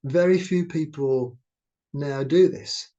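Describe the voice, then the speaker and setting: Slow, mellow-voiced male meditation guide. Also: a little high, muffled recording. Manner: slow, gentle, soothing delivery. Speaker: meditation teacher.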